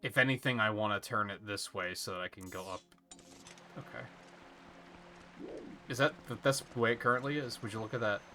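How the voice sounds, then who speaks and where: A man's voice: on the low side, a little fast, long pauses, bright, forceful tone. A man streaming a video game live, rambling casually and thinking aloud as he plays. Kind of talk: casual live gameplay commentary.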